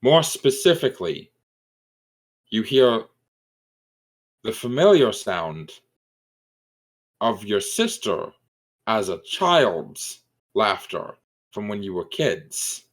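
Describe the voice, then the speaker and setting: Slow-talking man narrating as game master. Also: on the low side, big pitch swings, rough recording. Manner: slow, deliberate, spooky scene-setting.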